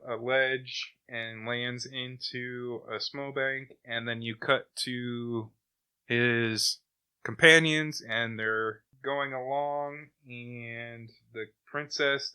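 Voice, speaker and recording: Man, podcast co-host, bright tone, smooth clear voice, animated casual recap. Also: medium pitch. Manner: animated plot retelling with chuckles. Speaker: podcast co-host reviewing comics. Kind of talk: casual chat.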